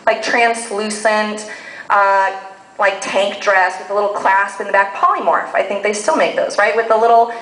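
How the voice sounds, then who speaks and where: A woman telling a bawdy story live on stage, expressive and laughing often, captured on a phone in an echoey room. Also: mid-range voice, moderate pace. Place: live venue with audience. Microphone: phone recording.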